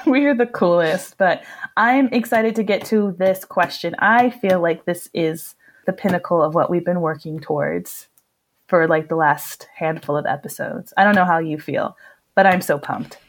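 A woman's voice: fairly low pitch, unhurried. Chatty laughing woman podcast co-host. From New Mexico. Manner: chatty, laughs often, many fillers. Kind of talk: casual chat.

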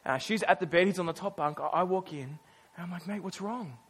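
A male pastor preaching a sermon, earnest and emphatic, with storytelling pauses and casual asides. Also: high-pitched, fairly bright tone, slightly rough.

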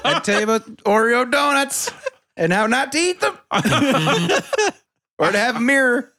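A man's voice: very high voice, animated, normal speed, bright, forceful tone, dry recording, clean studio sound. A man co-hosting a podcast, cracking jokes and rambling through explanations in casual chat. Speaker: podcast co-host. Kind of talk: casual chat among friends.

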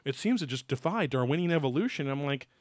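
Animated, swearing man chatting. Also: mid-range voice, fast, no room sound, studio quality. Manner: animated, swears freely, acts out quotes. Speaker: podcast co-host. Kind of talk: casual profane chat.

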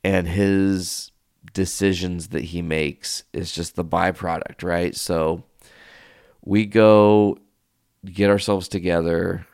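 Deep gravelly guy rambling through a sweary story on his podcast, dry close mic. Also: slow pace, dry recording. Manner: profane, animated storytelling with quoted voices. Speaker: podcast host. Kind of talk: casual storytelling monologue.

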